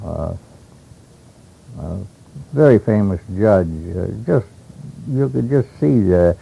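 An older man from Alaska recalling old stories in a rambling, halting way, with many hesitations and chuckles, on a dull lo-fi tape. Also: on the low side, lively intonation, gravelly, a little hiss or hum. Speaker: interviewee. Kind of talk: oral history reminiscence.

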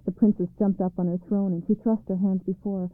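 A woman narrating a storybook in a calm, measured read-aloud way, on a tinny recording. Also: mid-range voice, dry recording. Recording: dry, tinny phone-like sound.

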